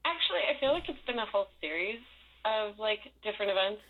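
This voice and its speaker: A woman's voice: mid-range voice, expressive, quick pace, slight background noise. A young woman from Southern California, the guest in a casual interview, rambling, swearing and laughing often. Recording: tinny phone-like line.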